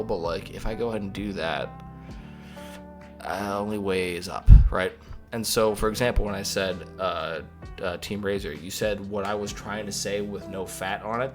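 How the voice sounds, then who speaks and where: A man with a fairly low voice talks through a stream update in loose, rambling chat. He gets animated, throws in a swear or two, and answers viewers as he goes. Faint music plays quietly behind him. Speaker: mod developer hosting a stream update. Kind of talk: casual livestream chat.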